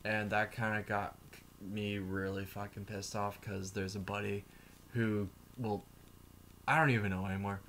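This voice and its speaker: A man's voice: lowish voice, little pitch movement, normal speed, a bit bright, slight background noise. Man on a heated, profane vlog rant. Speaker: YouTuber.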